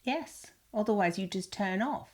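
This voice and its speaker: Chatty woman co-host, quick to laugh. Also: mid-range voice, lively intonation, darkish tone. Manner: chatty, laughs often, lots of fillers. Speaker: podcast co-host. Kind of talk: casual chat.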